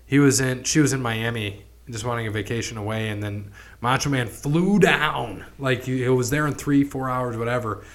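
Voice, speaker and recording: A man's voice: mid-range voice, normal speed. A man hosting a podcast in a casual chat, rambling with lots of restarts and casual swearing. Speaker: podcast host.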